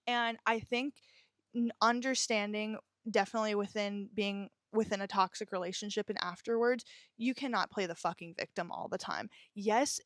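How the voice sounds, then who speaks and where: A woman's voice: mid-range voice, no echo, studio quality. A young adult woman hosting a podcast, talking bluntly and emphatically about her own life and swearing often. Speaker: podcast host. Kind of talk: personal confessional monologue.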